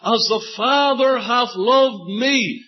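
Slow, high-voiced fervent preacher, lo-fi. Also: male voice, breathy edge, soft background music. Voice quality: fervent, repeats scripture lines for emphasis. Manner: slow, drawn-out preaching with sudden loud emphatic rises. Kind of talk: sermon.

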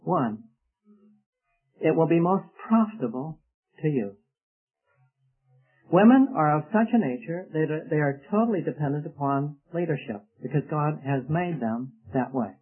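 A man's voice: fairly high pitch, expressive, a little slow, pauses often, breathy edge, phone-quality sound. A man preaching an earnest, explanatory sermon, recorded on an old tape. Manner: earnest, explanatory, with rhetorical questions.

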